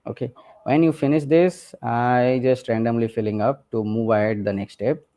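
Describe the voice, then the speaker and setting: A man presenting a technical walkthrough of a software demo, speaking conversationally with many fillers and "okay" and "right?" checks. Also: medium pitch, steady tone, moderate pace.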